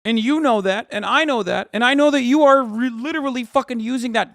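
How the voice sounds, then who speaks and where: A man streaming, commenting heatedly on clips in profane casual talk that rises into shouting rants. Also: very high voice, animated, fairly quick, few pauses, no room sound, clean studio sound.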